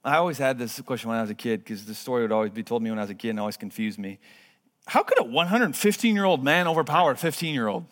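A man in his thirties preaching a sermon in a church, earnest, moving between hushed and emphatic delivery. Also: medium pitch, lively intonation, rapid-fire. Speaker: pastor. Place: church sanctuary. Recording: long hall reverb.

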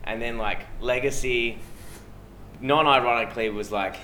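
An Australian man telling loose, rambling stories on a comedy podcast. He talks at a middling pitch. His voice carries a noticeable room echo. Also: normal speed, bright, forceful tone. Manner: rambling storyteller, mimics friends in high voices. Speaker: guest comedian. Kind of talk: casual podcast banter.

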